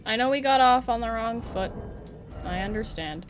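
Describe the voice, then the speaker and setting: A woman's voice: fairly high pitch, lively intonation, moderate pace, faint music behind. A young woman streaming a game, chatting playfully with her viewers and teasing the character on screen. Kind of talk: live gameplay commentary.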